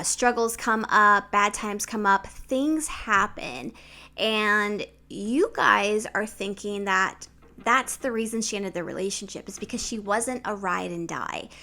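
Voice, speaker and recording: Bright, forceful woman relationship coach. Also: mid-range voice, vocal fry. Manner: candid, frank, swears freely. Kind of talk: direct-to-camera advice vlog.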